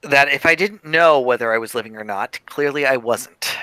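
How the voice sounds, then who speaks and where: A man voicing a tired, thoughtful cop in a tabletop role-play, with a bright, clear and smooth voice. He speaks haltingly and pauses often. The sound is dry, close and has no room echo. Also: mid-range voice, natural voice. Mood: musing. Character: male police detective, weary and reflective. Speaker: tabletop game player.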